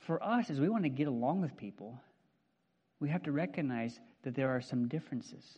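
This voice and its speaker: A man in his fifties preaching a sermon in a conversational, animated way, often checking in with "right?". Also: medium pitch, a little fast, husky. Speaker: pastor.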